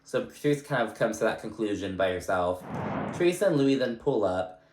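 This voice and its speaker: A man's voice: fairly low pitch, expressive, brisk, background noise. A man hosting a casual recap vlog, chatty and loose, full of fillers and casual swearing. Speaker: recap vlogger. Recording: echoey room.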